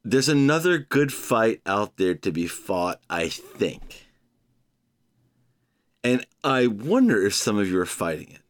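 A man's voice: fairly low pitch, sing-song, slow pace. A man hosting his own podcast, rambling playfully and talking straight to his listeners as "humans". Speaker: podcast host. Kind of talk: casual solo podcast monologue.

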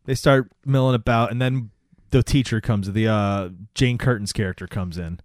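A man's voice: fairly low pitch, no room sound, studio quality. A man joking around while recapping a movie with a co-host in casual chat. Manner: joking, quick reactions, lively retelling.

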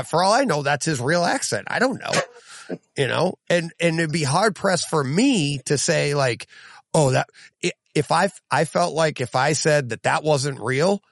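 Animated man with a gravelly voice. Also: a little high, moderate pace, no room sound. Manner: emphatic, animated, protesting. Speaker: podcast co-host. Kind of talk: casual chat.

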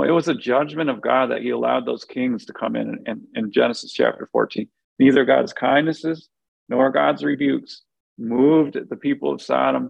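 A podcast co-host with a deeply gravelly, creaky voice works through a Bible passage, earnest and conversational, thinking aloud with many fillers and restarts as he hunts for the right words. The sound is dry and slightly dull, like a modest microphone, with no room sound.

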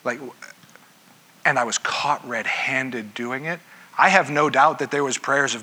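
A man's voice: mid-range voice, a little slow, pushed and bright. A man preaching a sermon in a conversational way, often stopping to ask his listeners questions. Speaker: pastor. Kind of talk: interactive sermon.

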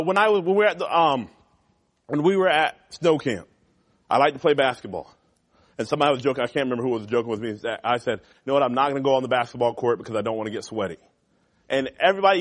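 A man who is a youth pastor, giving a sermon to teenagers in a church classroom. He talks in an animated, conversational way, swinging from loud emphasis to quiet asides. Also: a little high.

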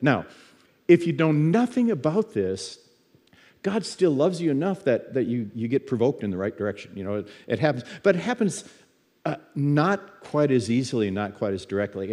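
A middle-aged man, a guest teacher at a church service, delivers conversational sermon teaching through chatty stories in a medium-pitched, dark-toned, mid-range voice. He trips over his words, often stammering, restarting and repeating himself.

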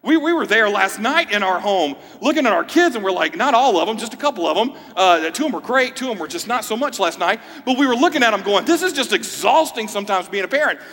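A man's voice: high-pitched, animated, quick pace, hardly any pauses, pushed and bright, big-room sound. A man in his thirties, a pastor, preaching a sermon in a conversational way with joking asides. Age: 30s.

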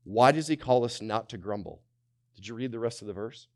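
A male pastor preaching a sermon, swinging from loud to hushed, firing rhetorical questions and calling on the congregation to answer. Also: lowish voice, expressive, fairly quick. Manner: asks many rhetorical questions.

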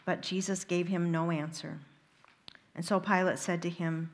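A woman reading a Gospel passage aloud in a liturgy, steady and deliberate. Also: fairly low pitch. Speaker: reader.

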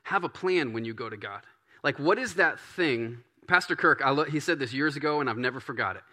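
A male pastor delivers a sermon in a loose, conversational style. His voice sits at an ordinary middle pitch and carries a bright, forward edge. He slips into quieter tones when he acts out a believer's prayers. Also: expressive, fairly quick.

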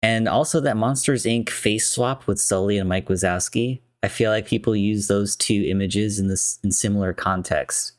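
A man with a lowish voice hosts a casual movie podcast, recorded dry and close. He is laid back, steering the show between segments. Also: moderate pace, hardly any pauses, no room sound. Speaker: podcast host.

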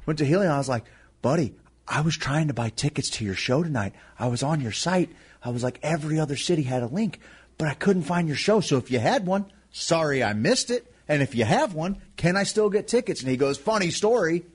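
Husky wry man telling a story. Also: fairly high pitch, animated. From Indiana. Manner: wry, self-deprecating storyteller doing quick impressions. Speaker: radio show host. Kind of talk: casual comedic storytelling.

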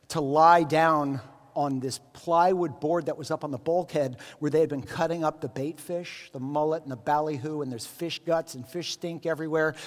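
A man preaching a sermon, voice pitched a little high, spinning stories with playful jokes. The sound rings out with a long reverb, as in a big hall. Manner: lively storytelling with jokey asides. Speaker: pastor.

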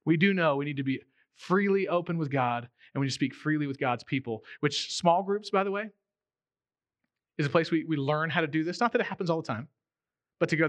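A pastor in his 30s to 40s preaches a sermon in a loose, conversational way, his bright, forceful voice pitched a little high for a man. He acts out the quotes he tells in their own voices. The sound is dry and close, with no room sound.

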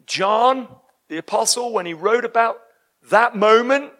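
A man preaching a sermon, emphatic and breaking into shouts at the high points. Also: measured pace.

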